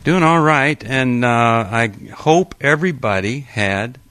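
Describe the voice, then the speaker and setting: A man's voice: medium pitch, animated, unhurried, a bit bright. A man hosting a call-in radio show, chatting casually with fillers and playful jokes.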